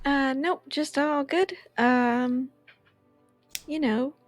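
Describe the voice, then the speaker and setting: A woman's voice: sits high, steady tone, extremely slow, no room sound, soft background music. A woman playing a tabletop game, talking in an easygoing, drawling way. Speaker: player.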